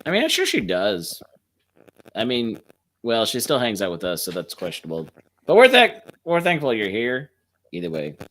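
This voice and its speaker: A man's voice: medium pitch, wildly swooping pitch, moderate pace, fairly bright tone. A male co-host rambling in casual chat and making self-deprecating jokes.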